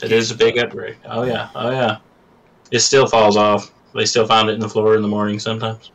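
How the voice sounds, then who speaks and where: A man's voice: lowish voice, completely flat delivery, a little fast, creaky. A man in casual podcast chat, complaining about his workplace in a dry, wry way. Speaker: podcast co-host. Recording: voice a bit distant from the mic.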